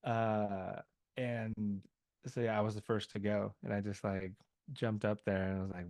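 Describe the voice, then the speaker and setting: A man's voice: lowish voice, level tone, normal speed, a little mellow, no room sound. A man from the American South, a podcast guest telling a story in a loose, rambling way full of filler words. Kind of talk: casual podcast conversation.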